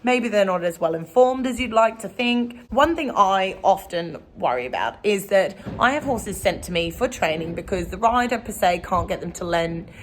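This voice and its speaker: Woman, horse trainer, casual rambling vlog, middle pitch, faint outdoor noise. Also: expressive, moderate pace, few pauses. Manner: chatty and rambling. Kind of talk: casual vlog talk to camera. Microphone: camera.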